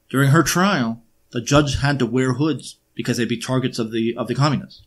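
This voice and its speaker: A man presenting an unscripted history monologue, emphatic and sarcastic, often pausing on uh and um while he builds his points. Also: mid-range voice, fairly bright tone. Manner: emphatic, with sarcastic rhetorical questions; frequent hesitations with uh and um.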